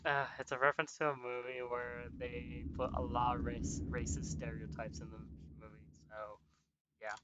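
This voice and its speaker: A man's voice: mid-range voice, level tone, moderate pace, lo-fi sound, heavy background noise. A man chatting casually with a friend while gaming, laughing often and trading playful jabs. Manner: laughs a lot, playful banter.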